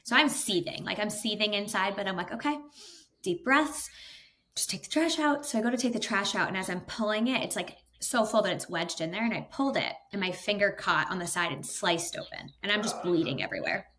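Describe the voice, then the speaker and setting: A woman in her thirties tells a story to a podcast host in an animated, exasperated way, full of quick asides. Her voice sits at a middle pitch. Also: a little hiss or hum. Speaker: podcast guest, content creator. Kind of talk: casual conversational storytelling.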